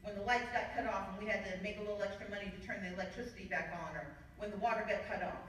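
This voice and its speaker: A woman from the Mississippi Gulf Coast giving a storytelling campaign speech at a party gala, measured and building through repetition. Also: medium pitch, fairly even intonation, a bit bright, slight background noise. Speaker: keynote speaker at a party gala. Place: large event hall. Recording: echoey hall, distant mic.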